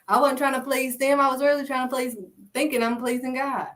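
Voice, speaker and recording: A woman's voice: high voice, level tone, brisk, a bit bright, recorded from a distance. A woman preaching informally in an emphatic, repetitive, conversational way. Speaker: faith video host.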